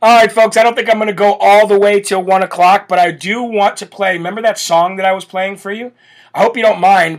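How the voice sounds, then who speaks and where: A man hosting a live talk show, talking animatedly to his viewers and often laughing. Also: high-pitched. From United States. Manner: animated, laughing, mock accents. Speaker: host.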